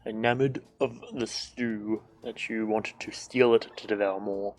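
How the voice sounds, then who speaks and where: A man's voice: lowish voice, fairly even intonation, a little slow, a little mellow, faint music behind. A man streaming a game, chatting casually, joking and swearing, and reading the game's dialogue aloud. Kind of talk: casual gameplay commentary.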